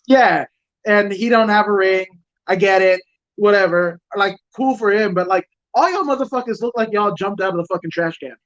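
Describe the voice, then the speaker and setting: A man's voice: sits high, moderate pace, a bit bright, no room sound. A man rambles through casual podcast chat, swearing at every turn and tripping over his own restarts. His voice comes through a lo-fi, muffled stream connection. It sounds dry, with no room behind it. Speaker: guest. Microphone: home mic over streaming software.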